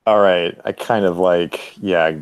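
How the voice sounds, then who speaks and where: A man's voice: deep voice, fairly even intonation, slow pace, smooth, no echo. A man playing in a tabletop game, laid-back and casual, full of "like" and laughs. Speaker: player.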